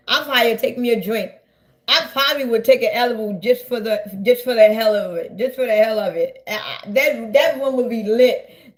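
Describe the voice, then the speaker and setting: A woman, ranting loudly and profanely to her viewers on a live stream. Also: a little high. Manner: loud, profane, rambling, talks straight to viewers. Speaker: livestreamer. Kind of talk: casual live-stream rant.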